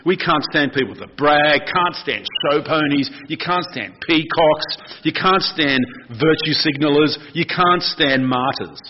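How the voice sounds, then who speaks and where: An Australian man, a pastor, giving a lively, conversational sermon and asking the congregation questions. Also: a little high, measured pace, hardly any pauses, highs cut off, slight background noise.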